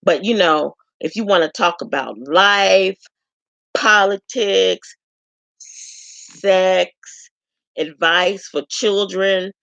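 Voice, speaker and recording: A woman from Chicago introduces herself to viewers in a frank, chatty way, filling her pauses with ums. Her voice has a gravelly edge. The recording is dry and a little dull, with no room sound. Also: mid-range voice, a bit bright, no room sound. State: tearful at times. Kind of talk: casual self-introduction to camera.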